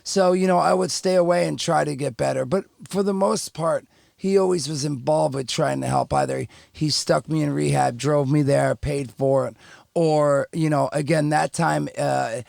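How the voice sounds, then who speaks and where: A man's voice: fairly high pitch, fairly even intonation, normal speed, gravelly, darkish tone, no echo, studio quality. A middle-aged man, telling a story candidly and rambling as a podcast guest, full of fillers and restarts. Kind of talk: casual storytelling.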